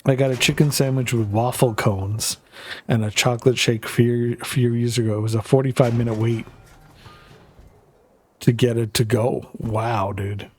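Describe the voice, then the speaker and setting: A man's voice: medium pitch, steady tone, normal speed, darkish tone, breathy edge. Rambling, profane Canadian male streamer. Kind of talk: casual chat while gaming.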